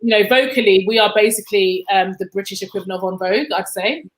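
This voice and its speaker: A woman co-hosting a podcast, joking around in a lively, casual chat. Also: mid-range voice, fast. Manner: playful, lively, jokey. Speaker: podcast co-host, mother. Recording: roomy echo.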